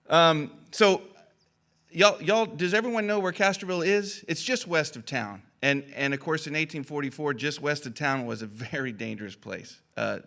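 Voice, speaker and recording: A man talking through local history at a conference in a loose, folksy way, with plenty of fillers. His voice is bright and forward at a middling pitch. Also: creaky. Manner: chatty, folksy, self-deprecating, with fillers. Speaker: conference speaker. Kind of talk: casual history talk. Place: conference hall.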